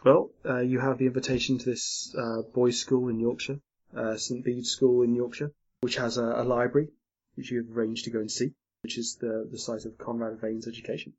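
A man's voice: medium pitch, little pitch movement, brisk, darkish tone. Man narrating a tabletop game. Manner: descriptive, with frequent ums and restarts. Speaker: game master. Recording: dull lo-fi sound, faint noise.

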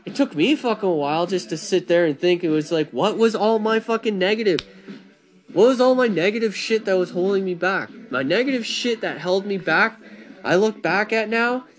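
A man giving a blunt, profane, animated rant about being yourself and not following the crowd, talking casually to listeners. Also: high-pitched, moderate pace. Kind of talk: casual monologue.

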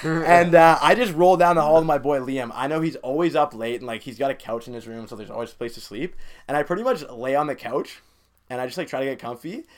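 Young man, casual storytelling, rapid pace, animated, chatty. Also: mid-range voice. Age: young adult.

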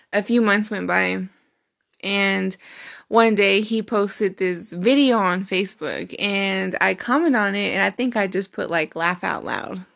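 A young woman hosts her own podcast, telling her stories straight to the mic in a loose, unscripted monologue. Her voice sits at a middle pitch with a steady gravelly fry running through it. She talks bluntly and profanely and laughs often. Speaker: podcast host. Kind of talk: casual storytelling monologue.

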